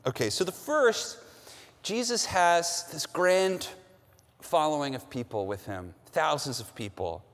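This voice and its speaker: Male pastor, higher voice, emphatic preaching style with lots of repetition; big sanctuary with long reverb. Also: animated, a little slow. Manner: emphatic, repeats phrases with rising force. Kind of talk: sermon. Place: large church sanctuary.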